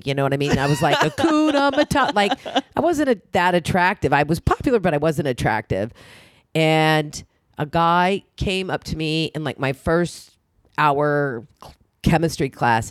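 A woman spinning a story in casual conversation, her pitch leaping as she throws herself into it. She swears freely and acts out the people she quotes. The sound is dry and close. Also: no room sound. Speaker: guest.

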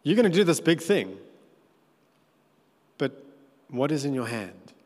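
A man preaching, unhurried and on the higher side for a man. He tells the story animatedly, with playful asides, and his voice carries through a long, echoey church hall. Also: sing-song, a little mellow. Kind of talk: sermon.

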